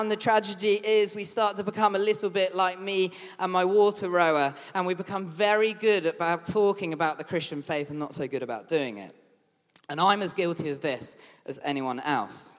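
A British man with a high voice preaching a sermon, telling a humorous, self-mocking story. He is recorded in a church hall with a long reverb trailing after his words. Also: normal speed. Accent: British English.

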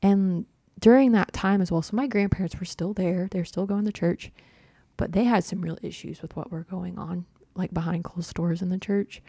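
A woman's voice: lowish voice, fairly even intonation, normal speed, warm tone, no echo. A young woman telling a personal story in casual chat, full of "like" and little laughs. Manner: chatty, heavy use of "like", laughs often.

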